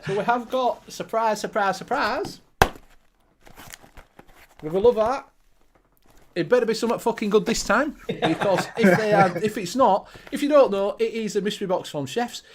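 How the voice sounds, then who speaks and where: A man hosting a casual livestream chat show, energetic, laughing and swearing freely. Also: high-pitched, fairly quick, hardly any pauses, background noise. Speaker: show host.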